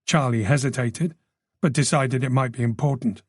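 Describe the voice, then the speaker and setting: A man reading a thriller audiobook in measured, scripted narration. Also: mid-range voice, breathy edge, no echo, studio quality. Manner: measured, even storytelling.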